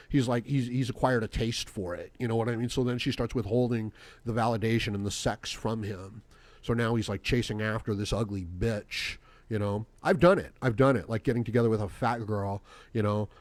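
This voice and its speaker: A man's voice: mid-range voice, a little mellow, dry recording. Rambling, profane male podcast host. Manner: rambling and profane, full of "you know" fillers. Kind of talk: rambling solo podcast monologue.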